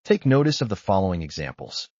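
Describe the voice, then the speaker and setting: A man narrating a scripted language lesson, explaining rules in a measured way. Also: low-pitched, sing-song, a little mellow, dry recording, highs cut off. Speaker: language teacher.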